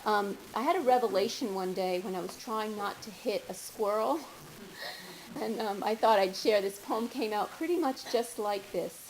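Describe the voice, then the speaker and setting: An older woman reading her own poems at a bookstore, slow and measured, with chatty asides between poems. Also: mid-range voice, a little hiss or hum, low-quality recording.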